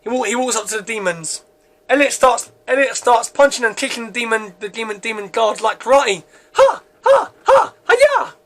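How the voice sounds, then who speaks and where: A man's voice: very high voice, brisk, a bit bright. A man reading aloud his own script as narrator, with frequent stumbles and restarts. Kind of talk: script read-through narration.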